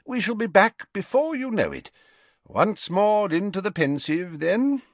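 A man voicing a calm old male wizard headmaster in an audiobook reading, speaking in a measured, patiently explaining way. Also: high voice, dry recording, pitched above the performer's own voice, heavily acted.

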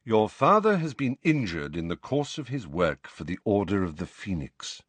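A man doing a grave, calm old headmaster. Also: fairly low pitch, dry recording. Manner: measured, authoritative, grave. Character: calm, commanding elderly male wizard headmaster.

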